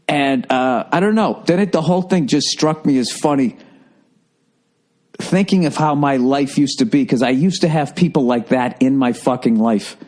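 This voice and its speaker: A man's voice: mid-range voice, moderate pace. A man hosting a podcast, ranting through profane, rambling comic stories. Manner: profane, rambling, animated storytelling. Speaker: comedian and podcast host. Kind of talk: stand-up style podcast rant.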